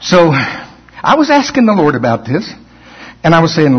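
Unhurried and husky, with long pauses, this slightly high male voice belongs to a preacher giving a sermon in a church hall. He animates his stories with acted-out quotes and frequent laughter, heard through a muffled hall recording.

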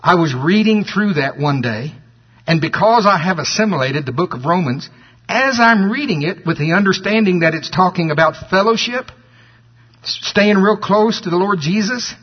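A man preaching a sermon, reading scripture slowly and stressing key words, turning animated when he makes a point, from a dull old sermon tape. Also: high voice, breathy edge.

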